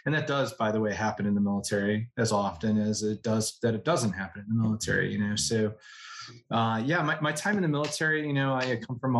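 Man, from the United States, army veteran guest, lively storytelling, acts out quoted voices. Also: mid-range voice. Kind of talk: conversational storytelling.

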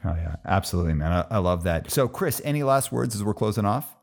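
A man's voice: on the low side, expressive, fast talker, gravelly. A middle-aged man hosting a podcast, talking in a loose, easygoing way with lots of fillers. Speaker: podcast host. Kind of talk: casual interview chat.

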